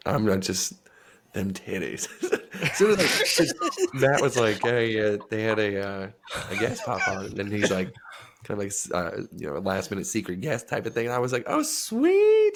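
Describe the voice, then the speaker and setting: A man with a lowish voice talks in loose, casual podcast chat. His pitch swings widely as he acts out stories, swears freely and breaks into loud laughter. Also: moderate pace. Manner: animated storytelling, heavy swearing, loud laughing outbursts. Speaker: podcast co-host.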